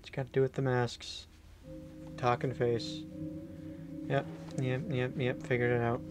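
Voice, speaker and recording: A man's voice: medium pitch, little pitch movement, a little slow. Man mugging in broken English while gaming. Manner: jokey put-on broken English, playful swearing. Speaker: gamer. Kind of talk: horror game let's play commentary. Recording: game music loud under voice. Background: game music.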